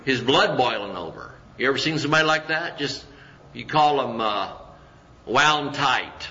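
A man's voice: mid-range voice, animated, normal speed, bright, forceful tone. A man, a pastor, preaching a conversational sermon full of rhetorical questions and mock voices. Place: church. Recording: roomy, dull church recording.

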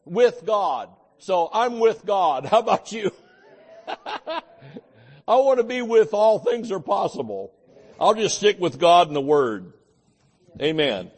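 A man's voice: high-pitched, very animated, slow pace, long pauses, husky. A male pastor, preaching a sermon in a folksy, joking way and often saying amen.

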